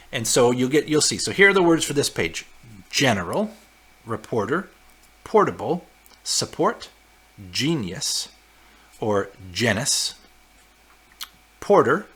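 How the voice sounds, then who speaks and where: Husky-voiced male teacher explaining word roots. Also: medium pitch, fairly bright tone. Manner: casual, explaining with fillers and check-ins. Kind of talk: recorded lesson walkthrough.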